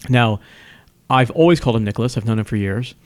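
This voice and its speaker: Male co-host, midrange voice, halting and repetitive, quick to laugh. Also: mid-range voice. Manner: halting, repeats words, laughs easily. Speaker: podcast co-host. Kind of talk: casual chat.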